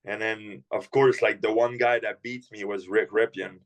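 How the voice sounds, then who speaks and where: Relaxed man telling hockey stories. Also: lowish voice, normal speed, low-quality recording. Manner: relaxed storyteller, many fillers like "like". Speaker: hockey skills coach. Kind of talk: casual podcast chat.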